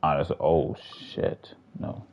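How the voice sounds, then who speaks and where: At a measured pace, a male streamer gives casual gaming livestream commentary while he plays, rambling, cursing and restarting often. The audio is dull with slight background noise.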